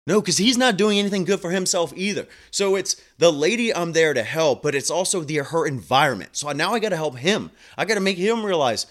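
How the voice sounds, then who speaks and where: A man's voice: on the high side, expressive, a little fast, hardly any pauses, fairly bright tone. A man telling a story about his patients in a blunt, emphatic, casual monologue. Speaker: home health clinician.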